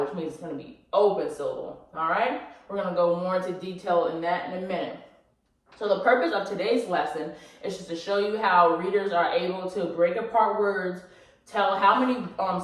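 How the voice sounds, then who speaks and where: A woman teaches a phonics lesson to her class. She talks patiently and checks in often with the students. Her voice rings through an echoey classroom from some distance. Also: on the low side. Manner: patient, checks in often with okay and all right. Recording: echoey room, from far off.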